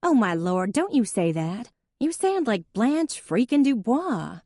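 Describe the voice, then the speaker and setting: A woman's voice: fairly high pitch, sing-song, measured pace, warm tone, no room sound, clean studio sound, pitched above the performer's own voice, exaggerated voice. A woman voicing a brash young female vet with a drawling good-old-boy Southern accent. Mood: teasing.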